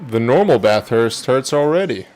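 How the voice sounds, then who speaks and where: A man's voice: medium pitch, animated, normal speed, a little mellow, soft background music. A man with an Australian accent doing casual, joking commentary on an online racing stream. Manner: playful, jokey banter.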